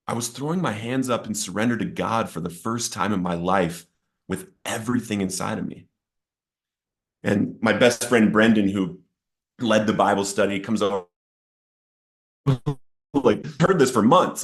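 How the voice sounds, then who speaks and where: A man sharing a personal testimony of addiction and recovery, earnest and emotional, his voice rising sharply at the intense moments. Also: lowish voice. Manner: earnest, emotional storytelling, rising to near-shouting at peaks. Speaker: testimony speaker.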